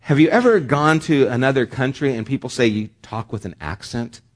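A man's voice: medium pitch, a little fast. A man preaching a sermon as pastor, talking in a conversational way with joking asides.

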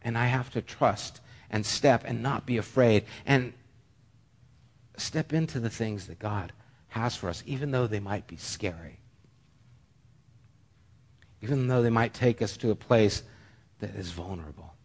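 A middle-aged preacher with a fairly low pitch tells a personal story from the pulpit. He speaks earnestly, in a halting way, with many restarts.

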